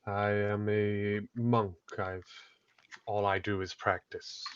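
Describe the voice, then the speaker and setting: Reserved ragged monk, low and clipped, a man voices him; dry lo-fi call. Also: level tone, slow, clean tone, dry recording. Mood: terse. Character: quiet ragged male monk of few words.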